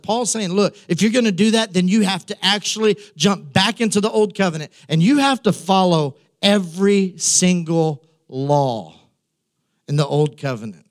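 A man's voice: sits high, expressive, normal speed. A man, preaching a conversational sermon as pastor, with emphatic repetition and asides to his congregation.

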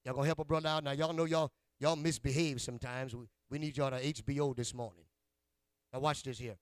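In a church sanctuary, a male pastor preaches a sermon in a fast, steady, medium-pitched voice with no echo. He calls out to the congregation in rhythmic call-and-response and teases them in a folksy, playful way.

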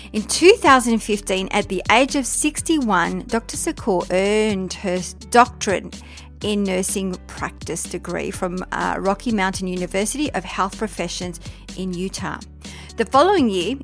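A woman's voice: mid-range voice, creaky. Woman hosting with faint music behind. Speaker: podcast host. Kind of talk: scripted intro, then casual chat. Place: Australia.

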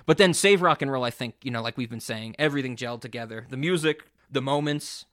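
A man co-hosting a casual podcast who retells a story in a rambling, animated way, with frequent cursing and many restarts. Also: medium pitch, fast talker. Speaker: podcast co-host.

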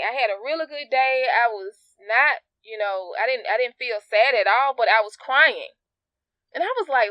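A woman's voice: fairly high pitch, fairly bright tone, smooth, no echo. A woman giving an informal devotional teaching, speaking earnestly, repeating phrases for emphasis and addressing her listeners directly. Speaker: Bible teacher.

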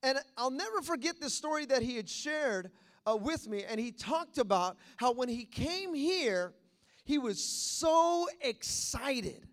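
A man, a pastor in California, telling a lively story to his church with a lot of repetition, and acting out the voices of the people in it. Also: very high voice, moderate pace. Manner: animated, repetitive, acts out voices. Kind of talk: storytelling sermon.

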